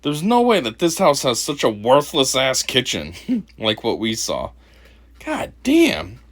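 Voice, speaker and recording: A man's voice: mid-range voice, very animated, moderate pace. A man hosting a casual video commentary, mocking and profane, laughing often. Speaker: commentary channel host.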